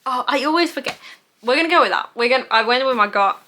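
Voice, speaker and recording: Bright-voiced woman gushing over books. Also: sits high, lively intonation, fast talker, slight background noise. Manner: gushing, rambling, self-mocking, laughs at herself; reads her own notes aloud. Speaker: book vlogger. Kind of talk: casual book review chat.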